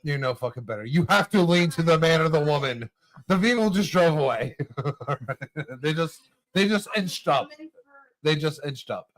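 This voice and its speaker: A man hosting a casual bar-show chat, telling a drawn-out hypothetical with lots of swearing. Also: on the high side. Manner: profane, animated storytelling. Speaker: podcast host.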